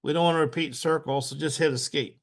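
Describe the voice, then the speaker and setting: A man teaching a step-by-step software tutorial. He repeats each step aloud patiently and keeps clearing his throat. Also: on the high side, steady tone, fast. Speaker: instructor.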